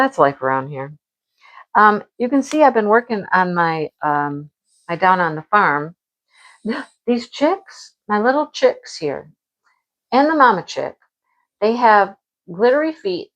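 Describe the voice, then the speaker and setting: A woman's voice: mid-range voice, takes it slowly, pauses often, dull audio. Chatty woman crafting vlogger at home. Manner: chatty and animated, acts out her own past remarks. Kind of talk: casual chat about crafts and home life.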